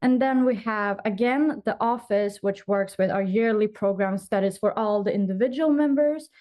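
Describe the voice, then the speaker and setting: A young Swedish woman giving a conference presentation over a remote call as vice chair of a youth astronomy association, explaining with frequent pauses. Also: medium pitch, highs cut off. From Sweden. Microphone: remote call from an office.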